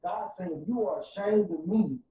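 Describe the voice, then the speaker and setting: A man with a St. testifies with the fervor of a preacher, dropping to a hush and then rising loud. His voice is mellow and dark, heard from some distance in a roomy space. The sound is dull and a little lo-fi. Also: high voice, normal speed. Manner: fervent, preacher-like, swings from soft to loud. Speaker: podcast guest. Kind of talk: emotional testimony in casual podcast talk. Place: podcast studio room.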